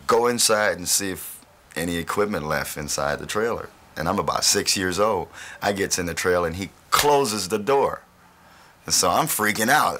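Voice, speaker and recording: A man's voice: sits low, bright, forceful tone. A male blues musician, telling rambling stories with laughter. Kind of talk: relaxed storytelling interview.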